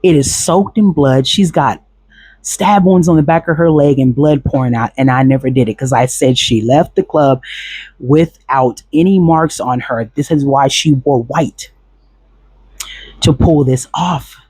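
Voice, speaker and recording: Husky, profane man telling a story. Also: medium pitch, a little slow, no room sound. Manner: blunt, profane, animated retelling with quoted voices. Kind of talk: casual storytelling to camera.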